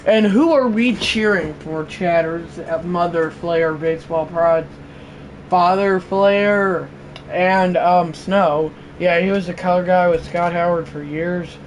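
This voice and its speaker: A man hosting a livestream, doing mock play-by-play of a football video game, bursting into loud excited calls between low offhand asides to his chat, in a room at home. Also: takes it slowly, rough recording. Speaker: livestream host. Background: faint fan hum.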